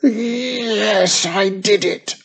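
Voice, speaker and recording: A woman's voice: medium pitch, very slow, slightly rough, pitched above the performer's own voice, exaggerated voice. A woman voicing a defiant young boy slime monster who screams and whines his denials. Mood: protesting.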